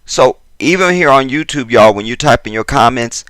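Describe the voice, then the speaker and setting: A man giving a casual commentary to his viewers, exasperated and chatty, jumping between loud emphasis and muttered asides. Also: mid-range voice, expressive, normal speed, hardly any pauses, smooth, no room sound. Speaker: YouTube commentator.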